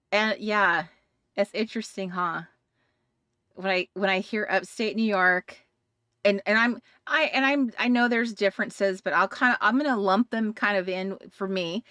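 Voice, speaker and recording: A woman's voice: mid-range voice, a little slow, long pauses, a bit bright, clear, resonant tone, no room sound, clean studio sound. A woman with a Boston accent hosting a casual crafting livestream, talking to viewers in the chat with frequent laughs and restarts. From New England, United States. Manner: chatty, laughs often, many restarts and asides to chat viewers.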